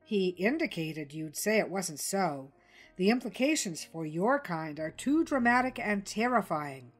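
A woman voicing Dilly, a calm, persistent jungle news creature who presses her points. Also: mid-range voice, measured pace, soft background music. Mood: pointed.

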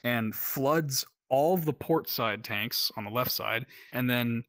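Male veteran from the United States, casual storyteller, filler-heavy and chuckling, with a sharp, bright tone. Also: medium pitch, takes it slowly, no room sound. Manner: rambling, heavy use of "like" and "um" fillers; laughs while telling stories. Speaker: Coast Guard veteran guest.

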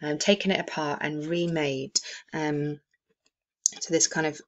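A woman teacher walking students through a classic novel in a recorded lesson, speaking in a lowish voice. She fills her pauses with frequent "um"s as she explains. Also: little pitch movement. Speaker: English teacher.

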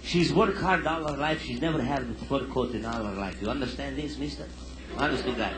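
A man telling stand-up jokes in broken immigrant English, in an animated storytelling manner before a live audience. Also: extremely high pitch, noisy background. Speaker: stand-up comedian. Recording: echoey live room recording. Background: audience laughter.

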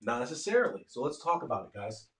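A man giving a live online lecture from his office at home, energetic and often asking his listeners questions. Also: mid-range voice, quick pace, echoey room. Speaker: medical education lecturer.

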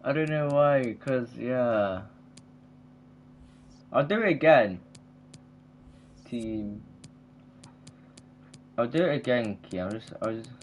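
A young man talks through a football video game at an unhurried pace, his words rambling and often trailing off. His pitch sits in an average range. A faint hiss runs under his voice. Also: animated. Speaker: gamer. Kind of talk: casual gaming chat.

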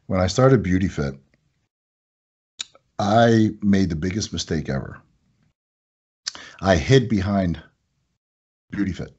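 A middle-aged man, a supplement company owner, telling animated stories in a casual chat and acting out his customers' lines. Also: lowish voice, slightly rough, lo-fi sound.

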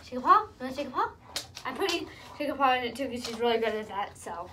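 Young female vlogger, high-pitched, chatty and breathless, lots of repeated commands and praise; faint hiss behind. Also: sing-song, quick pace. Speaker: vlogger training her service dog. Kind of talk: casual home vlog.

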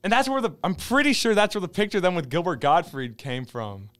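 Smooth-voiced young podcast co-host. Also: male voice, a little fast. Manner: rambling, animated, acts out quotes in a high voice. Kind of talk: casual chat.

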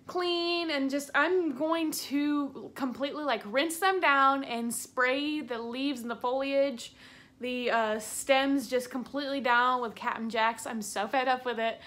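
A woman's voice: high voice, fairly bright tone. A young woman plant vlogger talking casually and ranting in exasperation, with bursts of laughter. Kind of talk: casual vlog.

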